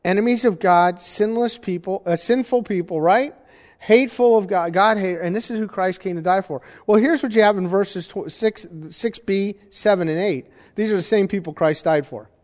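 A man's voice: sits high, normal speed, a little mellow. A man preaching a Sunday sermon, teaching and questioning his congregation with emphasis. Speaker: pastor. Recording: long hall reverb.

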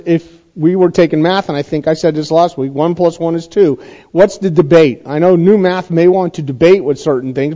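Man, pastor teaching a Bible study, high voice, conversational, checks in with listeners, dull lo-fi recording. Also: dark tone. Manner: conversational, checks in with listeners, repeats points for emphasis. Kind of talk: sermon-style Bible teaching.

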